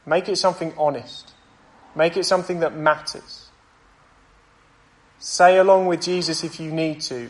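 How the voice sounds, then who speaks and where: A young man preaching a sermon and praying, earnest and conversational, with pauses and small restarts. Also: on the high side, fairly even intonation, rough recording. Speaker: pastor. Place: church.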